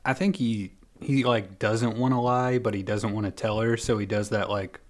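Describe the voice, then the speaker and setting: A man co-hosting a casual podcast, chiming in with relaxed remarks. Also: fairly low pitch, moderate pace. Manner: relaxed, says "dude" a lot. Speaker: podcast co-host.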